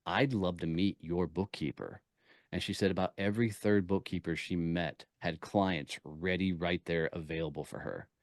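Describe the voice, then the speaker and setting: Guy on a podcast, lowish voice, dry close mic, tells stories w/ lots of punch. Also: normal speed, no echo. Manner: energetic storyteller, punchy and emphatic. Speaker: podcast guest, networking speaker. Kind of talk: casual interview talk.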